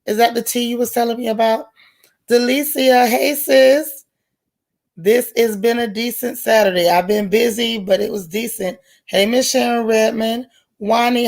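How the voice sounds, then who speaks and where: A woman hosting a casual livestream, chatty and folksy, greeting each viewer by name with pet nicknames. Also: fairly high pitch. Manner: folksy, relaxed slang. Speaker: livestream host. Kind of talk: casual live-chat stream.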